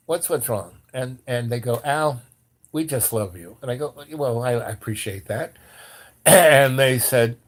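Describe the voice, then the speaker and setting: A man's voice: mid-range voice, moderate pace. An older man telling a rambling personal story in casual talk, with many restarts, acting out the voices of the people he quotes. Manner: animated, acts out quoted voices.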